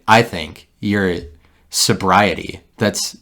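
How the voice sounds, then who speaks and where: Man, very deep voice, rambling solo podcast host, halting, self-mocking. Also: steady tone. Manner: meandering, halting, full of restarts and "like".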